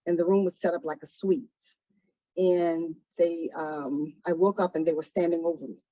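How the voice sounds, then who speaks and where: A woman recounts her past in a soft, hesitant interview voice, often pausing to gather herself. Her voice has a husky edge. The sound is dry and a little dull, like a lo-fi recording. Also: sits low, dry recording. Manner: soft-spoken, hesitant, many pauses and ums. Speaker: trafficking survivor guest. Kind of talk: interview testimony.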